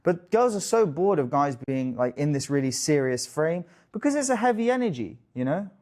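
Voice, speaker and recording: A young man talking straight to camera as a dating coach, casual and jokey, swearing freely and tossing in quick asides. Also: a little high, big pitch swings, darkish tone. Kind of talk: direct-to-camera coaching talk.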